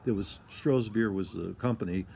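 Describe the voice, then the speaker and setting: A man's voice: on the low side, normal speed, vocal fry, heavy background noise. An older man from Michigan, an interview guest who tells stories in a rambling way, repeats himself and acts out what people said. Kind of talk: casual storytelling.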